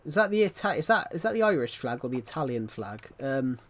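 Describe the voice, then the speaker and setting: A man streaming and chatting to his viewers in a loose, rambling way. His sentences often restart mid-thought. His voice sits at a mid pitch for a man. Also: sing-song, a little fast. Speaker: livestreamer. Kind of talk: casual livestream chat.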